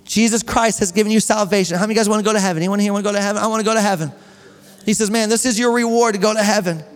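A man preaching a sermon as pastor, animated and reading scripture aloud to his congregation. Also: high voice, rapid-fire, in a large hall. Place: church hall.

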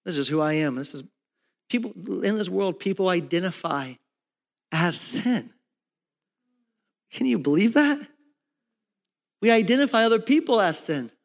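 A man preaching a sermon as pastor in a church, swinging from loud, shouted peaks down to low, soft talk. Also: expressive, measured pace, vocal fry, long pauses. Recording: long reverb of a church hall.

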